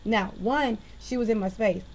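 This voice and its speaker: A woman venting to her viewers in a casual monologue into a webcam, animated and exasperated. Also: mid-range voice, normal speed, rough recording. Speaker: vlogger.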